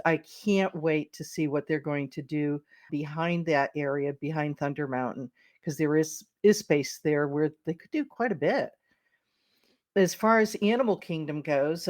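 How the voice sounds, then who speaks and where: A woman's voice: low voice, a little mellow, no echo, clean studio sound. A middle-aged woman co-hosting a podcast in casual, enthusiastic chat, often restarting words. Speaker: podcast co-host.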